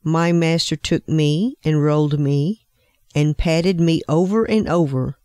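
A woman voicing a talking teacup that was once clay, telling its story slowly. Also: sits low, dark tone, no echo, studio quality. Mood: recounting.

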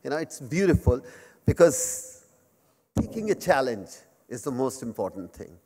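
Very animated and warm, with a breathy edge, this mid-range voice moves at a moderate pace. It belongs to an Indian-accented man in his fifties giving a funny memorial lecture, mixing Hindi into simple English and teasing himself before a live audience. Long reverb rings through the large lecture hall.

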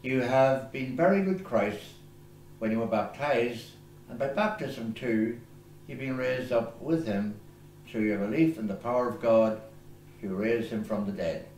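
A man, a priest reading scripture aloud at Mass, in a slow, deliberate way with small slips and self-corrections. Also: medium pitch, a little mellow. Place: small chapel oratory indoors. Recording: echoey chapel with faint background hiss.

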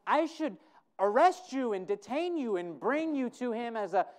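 A man's voice: very high voice, animated, moderate pace, smooth, voice pushed up. A man voicing a frightened male royal servant who pleads anxiously in an emphatic voice. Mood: alarmed.

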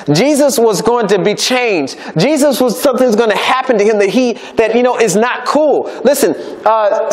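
A man preaching a casual, conversational sermon, chatty and always checking in with his listeners. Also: sits high. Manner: chatty, keeps checking in with "right?". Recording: long reverb of a large hall.

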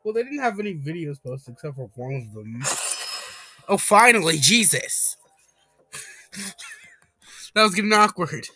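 A young man giving casual, excitable gameplay commentary who swears and breaks into high panicked yelling. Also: moderate pace, pauses often, slightly rough, dry recording, soft background music, rough recording. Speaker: gaming YouTuber.

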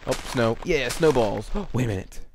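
A young man chatting through his own gameplay in a mid-pitched, everyday voice. He rambles loosely and jumps into sudden excited outbursts. A faint hiss sits under the recording. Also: moderate pace. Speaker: gamer commentating his own play. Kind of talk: casual let's-play commentary.

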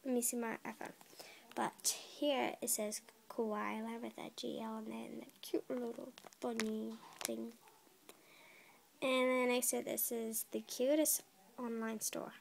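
A high-voiced teenage girl films an unboxing, squealing with giddy excitement and laughing often. Plastic crinkles softly in the background. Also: gravelly, a little hiss or hum. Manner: giddy, keeps exclaiming and laughing. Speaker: vlogger. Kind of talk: unboxing video.

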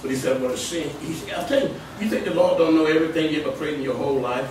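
A man preaching a fiery sermon, driving his points home with shouts and repeated phrases. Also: on the high side, racing, slight background noise. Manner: preaches with rising shouts and emphatic repetition. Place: church hall. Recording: echoey hall, mic from far off.

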